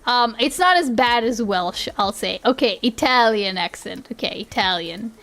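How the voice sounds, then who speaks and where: A woman's voice: on the high side, expressive, normal speed, fairly bright tone. A woman streamer chatting casually and reacting to clips, giggling and rambling as she restarts her sentences.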